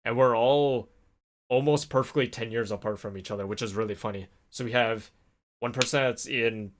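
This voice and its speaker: A man vlogging in a casual, rambling storytelling way, animated when he quotes people. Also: medium pitch, moderate pace, noisy background. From North America. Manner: rambling, animated when quoting others, laughs often.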